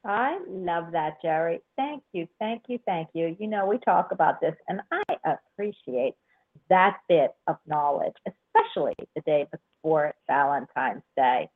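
A woman's voice: lowish voice, animated, measured pace. A woman hosting a call-in show, gushing and effusive, laughing often, heard over a tinny phone line. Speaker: radio show host. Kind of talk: casual call-in chat.

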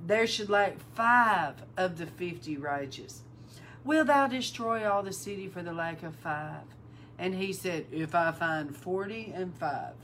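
A woman hosting a Bible talk, reading King James scripture aloud and breaking in with animated, amused commentary. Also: lowish voice, a little hiss or hum, rough recording. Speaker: host and Bible teacher.

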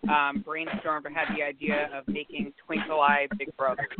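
A man's voice: a little high, completely flat delivery, moderate pace, a loud crowd. Hesitant man host on a phone line. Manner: hesitant, many fillers and restarts when asking questions. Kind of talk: casual podcast interview. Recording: tinny phone-line sound.

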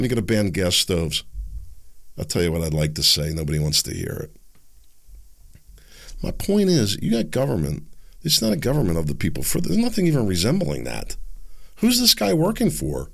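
A sarcastic male commentary host ranting with exasperation. His voice is gravelly and swings widely in pitch as he works himself up. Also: huge pitch swings, normal speed, long pauses. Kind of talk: political commentary rant.

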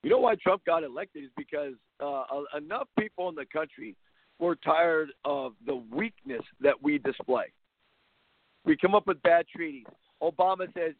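A man's voice: a little high, normal speed, dry recording. A man hosting a sports talk show, delivering a blunt, mocking, opinionated monologue. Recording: tinny phone-line sound.

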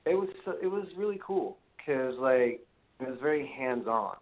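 This is a podcast host with an expressive, mid-range voice and a moderate pace, a New York-accented Brooklyn man. He conducts a casual call-in interview, spinning rambling, profane stories. The audio has a tinny phone-line quality and faint noise.

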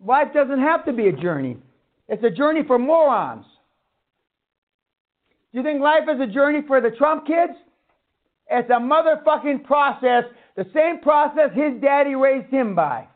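Guy with a really high voice cussing thru a seminar rant, sounds like a phone line. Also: expressive, measured pace. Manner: blunt, swearing, ranting. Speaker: seminar speaker on radio. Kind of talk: profane motivational lecture.

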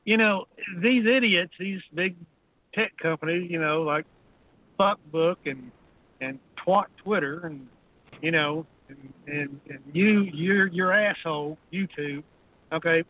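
Brief: fifties man, profane combative ranter, high voice, tinny phone-line sound. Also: measured pace, no echo. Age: 50s. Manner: crude, combative, repeats "okay". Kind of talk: profane ranting talk radio.

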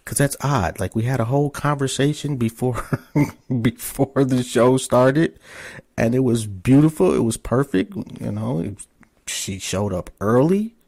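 A man's voice: mid-range voice, measured pace, vocal fry, darkish tone. A man hosting a podcast, talking loosely and cursing casually. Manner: loose, profane, chatty. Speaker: podcast host. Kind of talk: casual interview chat.

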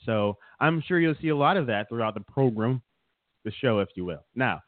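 A man's voice: medium pitch, expressive, moderate pace, no room sound. A man co-hosting a casual comedic chat show, rambling and teasing his co-host with frequent chuckles. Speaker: podcast co-host. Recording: dry, tinny phone-like sound.

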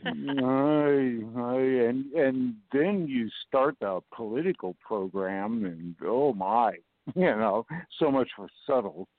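A man's voice: mid-range voice, expressive, takes it slowly, dry recording. A man calling in to a radio show, bantering and laughing as he chats with the host. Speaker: caller, poet. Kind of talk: casual call-in chat. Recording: dry tinny phone line.

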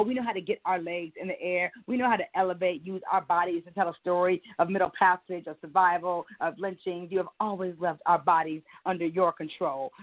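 A woman poet performing her spoken-word poem with a rhythmic, insistent cadence, then chatting loosely with many fillers as an interview guest. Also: lowish voice. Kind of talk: spoken-word poetry reading, then casual interview talk. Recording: tinny phone-like line.

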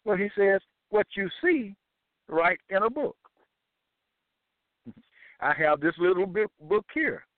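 A man teaching from scripture in a deliberate, measured way, citing each chapter and verse aloud. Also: sits high, sing-song, no echo. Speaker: bible teacher. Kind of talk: slow scripture reading and teaching. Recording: dry, tinny phone-like sound.

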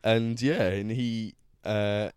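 Rambling man, low dry voice. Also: fairly even intonation, slow pace, darkish tone, clear, resonant tone, dry recording. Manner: rambling, restarts often. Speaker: podcast host. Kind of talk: casual chat.

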